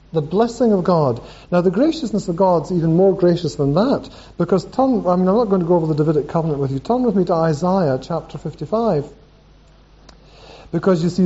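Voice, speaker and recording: A man's voice: high voice, mellow. A man preaching a sermon, reading scripture aloud and asking the congregation questions. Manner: reads scripture aloud, asks the room questions. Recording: dull lo-fi recording.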